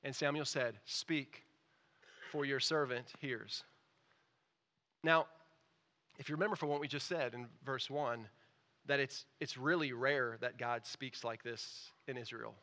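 A man preaching a sermon as pastor, reading scripture and explaining it, moving between quiet asides and loud emphatic peaks. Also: mid-range voice, fairly even intonation, moderate pace.

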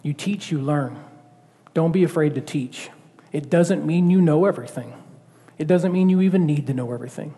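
A male pastor preaches in a loose, conversational way and keeps asking the congregation questions. His voice sits slightly high and sounds mellow. A long reverb from the church hall hangs after his phrases. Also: moderate pace. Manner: conversational, animated, full of rhetorical questions. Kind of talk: sermon.

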